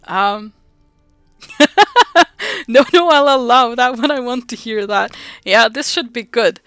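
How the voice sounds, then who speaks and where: Norwegian accent lady streaming a game, chatty and giggly, kinda high, soft music behind. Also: moderate pace, smooth, no room sound. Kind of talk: casual let's-play commentary.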